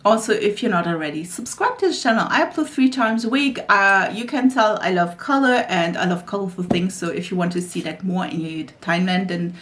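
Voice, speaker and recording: A woman's voice: medium pitch, expressive, brisk, few pauses, fairly bright tone, a little hiss or hum. A woman talking casually as a beauty YouTuber, chatty and full of filler "like"s. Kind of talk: casual vlog chat about makeup.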